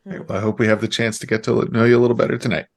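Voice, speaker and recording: A man running a tabletop horror game as game master, setting the scene briskly. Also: mid-range voice, little pitch movement.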